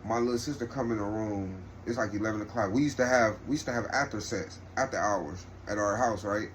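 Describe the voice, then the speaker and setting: A young adult man telling a casual storytime with street slang, rambling and animated, restarting often. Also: fairly low pitch, fairly quick, a little hiss or hum.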